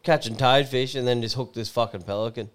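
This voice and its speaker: A man's voice: medium pitch, fairly quick, clean tone. A man with an Australian accent co-hosting a podcast, swapping crude, chatty stories in casual banter. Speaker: podcast co-host.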